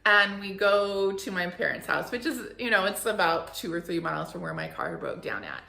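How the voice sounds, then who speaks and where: A woman in her forties telling a story in a casual, animated way and acting out the people she quotes. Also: medium pitch, normal speed, vocal fry, echoey room. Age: 40s. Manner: animated, acts out quoted voices. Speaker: furniture flipping vlogger.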